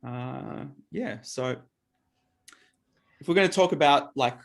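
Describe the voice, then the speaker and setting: A man's voice: medium pitch, slow pace, vocal fry. A man co-hosting a casual chat about diet, talking loosely and often restarting his sentences. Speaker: co-host.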